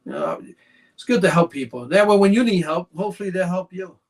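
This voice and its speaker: A man's voice: high-pitched, animated, brisk. A man chatting as a podcast guest, telling long rambling stories peppered with "you know". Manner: rambling storyteller, constant "you know" fillers. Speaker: podcast guest, snake breeder. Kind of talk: casual anecdotal chat.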